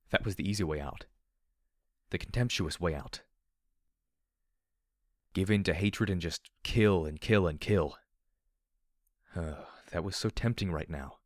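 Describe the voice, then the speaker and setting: A man narrating a first-person story in a steady, grave reading. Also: sits low, dry recording, studio quality. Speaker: audiobook narrator.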